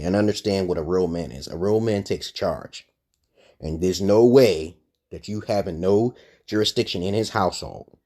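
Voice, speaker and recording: A man's voice: sits low, a little mellow. A man ranting crudely on a livestream, rambling and jumping his voice way up when he gets heated. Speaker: livestream host. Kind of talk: profane livestream rant.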